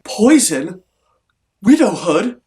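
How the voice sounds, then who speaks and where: An actor playing Orazio, an overwrought young lover who wails and laments in a stage comedy. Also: male voice, high voice, very animated, slow pace, loud music behind the voice, full character voice. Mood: distraught. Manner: wailing, overwrought.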